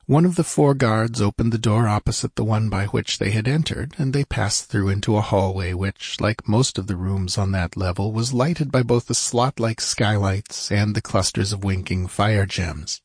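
A man reading an adventure novel aloud as audiobook narrator, measured and even. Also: on the low side, slightly rough, no room sound, studio quality. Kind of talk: scripted narration.

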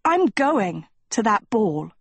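A woman's voice: medium pitch, sing-song, slow, vocal fry, slightly rough, dry recording, heavily acted. A woman voicing a pampered, vain young girl who whines and insists in a sing-song way. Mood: petulant. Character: high-pitched pampered vain girl, petulant.

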